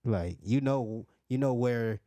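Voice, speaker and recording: A man's voice: mid-range voice, slow, dark tone, no echo, clean studio sound. A man co-hosting a podcast, explaining his view in a laid-back casual chat. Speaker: podcast co-host.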